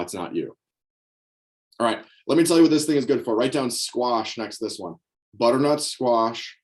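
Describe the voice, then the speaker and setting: A man's voice: mid-range voice, darkish tone. Young male sales coach, upbeat and direct, repeats key lines for note-taking. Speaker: sales trainer. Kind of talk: sales training session. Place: indoors with knives on a table.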